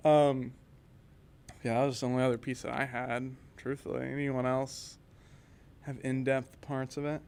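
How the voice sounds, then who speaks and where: A young man, a student on a class game project, chatting casually on a panel as a relaxed storyteller who laughs easily. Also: mid-range voice, moderate pace, clean tone.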